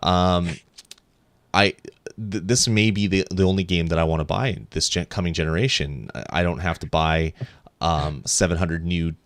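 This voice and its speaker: A man with an extremely low voice chats on a gaming podcast, rambling and eager, full of ums and false starts. The sound is dry and close to the microphone. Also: moderate pace, no echo. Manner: excited, rambling with many ums and restarts. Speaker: podcast co-host. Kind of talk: casual chat.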